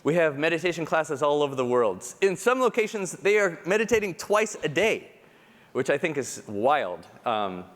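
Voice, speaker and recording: A man giving a keynote talk, telling personal stories in an animated, self-deprecating way and acting out the people he quotes. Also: a little high, normal speed. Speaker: conference speaker. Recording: long hall reverb.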